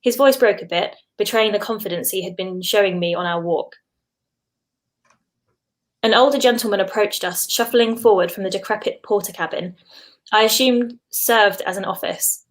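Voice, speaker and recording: A woman's voice: mid-range voice, normal speed. Woman reading a story aloud. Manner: steady, clear storytelling delivery. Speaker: guest author reading a story.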